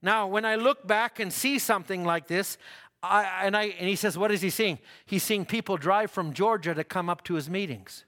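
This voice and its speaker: A man's voice: high-pitched, moderate pace, pushed and bright, big-room sound. A man preaching a folksy sermon, repeating himself and laughing at his own stories.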